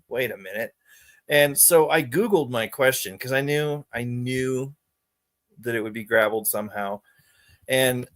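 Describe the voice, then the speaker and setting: In a rambling monologue aimed right at his audience, a man vents with an exasperated, conspiratorial air and keeps doubling back over his own sentences. His voice has an ordinary middle pitch and a fairly bright tone.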